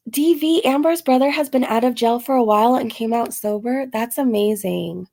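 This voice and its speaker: Creaky-voiced woman chatting on a live Q&A. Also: on the high side, fairly quick, hardly any pauses, dark tone. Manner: rambling, filler-heavy talk with frequent "like"; reads out and answers chat comments. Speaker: channel host answering viewer questions. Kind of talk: casual live Q&A chat.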